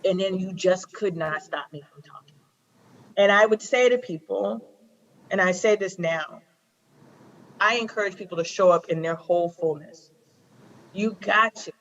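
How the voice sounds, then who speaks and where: A woman's voice: medium pitch, fairly bright tone. A woman in her forties from Chicago, a prosecutor speaking as a guest, telling stories with emphasis and repeating her key phrases. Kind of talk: impassioned conversational talk. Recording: slightly dull lo-fi recording.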